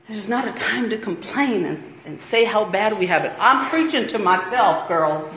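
A woman preaching to a group of women, earnest and animated, acting out stories and laughing now and then. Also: medium pitch, moderate pace, lo-fi sound, a little hiss or hum. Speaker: women's ministry speaker. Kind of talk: sermon.

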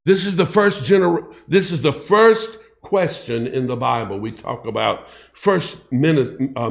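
Slow, emphatic male preacher. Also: medium pitch, creaky. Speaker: pastor. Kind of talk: sermon.

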